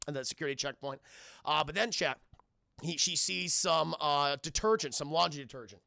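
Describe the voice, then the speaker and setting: A man's voice: a little high, moderate pace, creaky, sharp tone, dry recording, studio quality. A man casually retelling a film scene by scene on a live stream, rambling, swearing often and talking to his chat.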